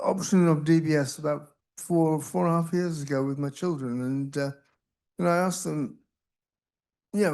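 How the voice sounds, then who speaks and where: Gravelly older man, self-deprecating rambler. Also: fairly high pitch, a little mellow. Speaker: panelist, researcher with Parkinson's. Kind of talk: casual anecdotal talk. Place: conference hall.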